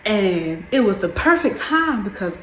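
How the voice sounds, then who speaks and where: A woman's voice: medium pitch, sing-song, unhurried, fairly bright tone, a little hiss or hum. A young woman vlogger telling a personal story in casual chat, repeating herself and backtracking as she goes. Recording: echoey room.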